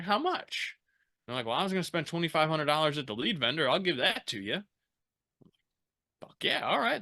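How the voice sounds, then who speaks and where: Bright-voiced man telling a story. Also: fairly high pitch. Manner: animated, acts out quoted voices, swears freely. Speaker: podcast guest. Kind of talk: casual storytelling.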